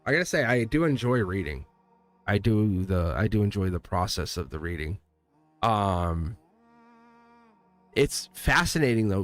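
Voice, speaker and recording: A man reading tarot on a livestream, chatting casually, laughing often and rambling through stories where he keeps quoting himself. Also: lowish voice. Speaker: tarot reader. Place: home studio. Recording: faint music behind.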